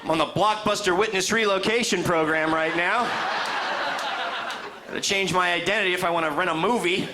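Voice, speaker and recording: A man doing a stand-up comedy set in a club, animated and slipping into high character voices. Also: brisk. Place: comedy club stage with a laughing audience. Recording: live club recording with crowd and noise.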